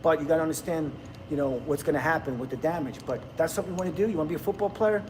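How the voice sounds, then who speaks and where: A man's voice: fairly high pitch, very fast, noisy background. A man, rambling bluntly and laughing often in casual livestream chat with viewers. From New Jersey, USA. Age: 50s. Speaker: livestream host.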